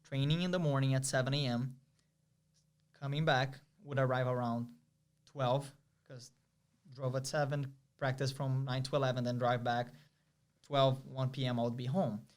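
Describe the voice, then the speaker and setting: A young man from Brazil, telling a story as an interview guest in a lively, vivid way with many fillers. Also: medium pitch, normal speed. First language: Portuguese. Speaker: guest, pro soccer player.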